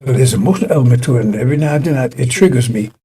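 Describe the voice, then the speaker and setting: A man's voice: mid-range voice, very fast, warm tone, slightly rough. A man preaching a broadcast sermon in a fiery, rambling way, often repeating and restarting his phrases.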